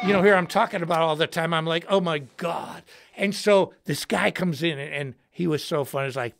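A man hosting a livestream and telling a story in an excitable, slangy way, shouting words for emphasis. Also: on the high side, a little fast, creaky, faint music behind. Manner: slangy, says dude and bro. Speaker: host and guitarist.

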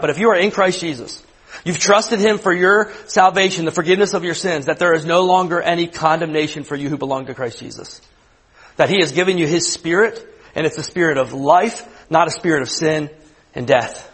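Husky-voiced man in his thirties preaching. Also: a little high, fairly bright tone, low-quality recording. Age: 30s. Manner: conversational preaching, repeats words, asks the room questions. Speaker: youth pastor. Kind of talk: sermon to students.

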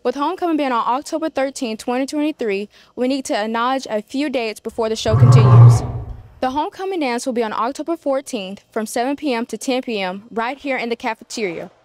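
A student reporter reading event dates and details for a school news show. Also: female voice, fairly high pitch, a little fast, darkish tone, a little hiss or hum. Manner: reads dates and details clearly. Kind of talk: scripted announcement.

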